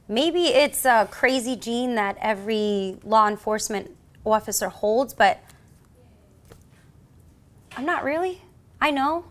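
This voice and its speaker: A woman from the United States with a New York accent, a police officer telling a story as an interview guest and acting out the voices in it. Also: fairly high pitch. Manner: acts out voices in her stories, lively and theatrical. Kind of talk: animated storytelling.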